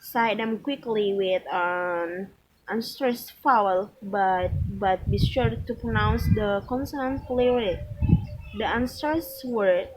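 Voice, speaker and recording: A woman reads a pronunciation lesson aloud, very slowly and with a somewhat high voice. She stumbles now and then and goes back to fix words. A faint hiss sits under her voice. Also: rough recording. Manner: slow, careful reading with slips and restarts. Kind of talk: reading a textbook aloud.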